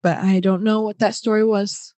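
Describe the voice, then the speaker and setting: A woman's voice: mid-range voice, little pitch movement, moderate pace, mellow, no echo. A young woman telling a personal story as a podcast guest, casual and emotional, with lots of fillers.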